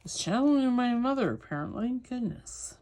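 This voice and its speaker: A woman with a Southern US accent and a slightly high, dark-toned voice speaks at a moderate pace with big swings in pitch. She hosts a crafting channel, chatting casually with viewers as she works on a project and occasionally talking to her dog.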